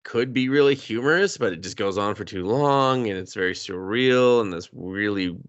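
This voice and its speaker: A man co-hosting a movie review podcast, retelling scenes in a loose, profane way and jumping into quick character voices. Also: on the low side, no echo, lo-fi sound. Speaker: podcast co-host. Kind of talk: casual movie review chat.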